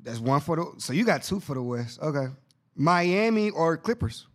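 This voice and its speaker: A man rambles through a casual podcast chat with an excitable, slangy delivery. He repeats his points again and again as he argues them. His voice sits a little on the higher side. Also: moderate pace. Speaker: podcast host.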